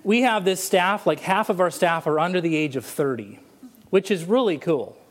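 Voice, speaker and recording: A man's voice: sits high, animated, normal speed. A male pastor preaching a sermon in a church, mixing storytelling and humor. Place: church sanctuary.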